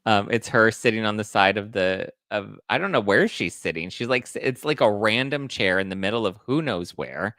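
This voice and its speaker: Gossipy guy hosting a celeb chat show, lowish voice, dry close sound. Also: lively intonation, moderate pace, few pauses, sharp tone, no echo. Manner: chatty, gossipy, talks to viewers while reacting to photos. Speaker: host.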